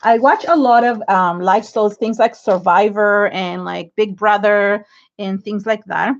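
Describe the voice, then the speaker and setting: A woman's voice: mid-range voice, a little slow. A middle-aged woman with an Israeli accent, chatting frankly and effusively to viewers on an art livestream, rambling with many fillers and restarts. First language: Hebrew. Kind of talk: casual livestream chat while inking. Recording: dull lo-fi livestream audio.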